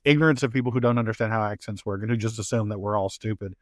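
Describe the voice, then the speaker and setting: A man with an Appalachian accent, a guest author in a casual interview, telling lively stories, laughing often and acting out the voices he quotes. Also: lowish voice, racing, dry recording, clean studio sound. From Appalachian United States.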